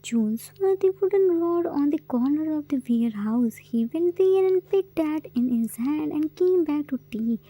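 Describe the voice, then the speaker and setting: A woman reading fan fiction aloud, narrating in an even, steady way. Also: sits high, a little slow, few pauses, low-quality recording. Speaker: story reader.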